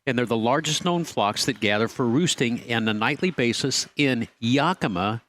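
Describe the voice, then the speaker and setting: A man's voice: mid-range voice, lively intonation, normal speed, a bit bright, slight background noise. A man hosting a radio garden show in a studio, chatting casually and quizzing his co-host with a teasing manner. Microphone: studio microphone.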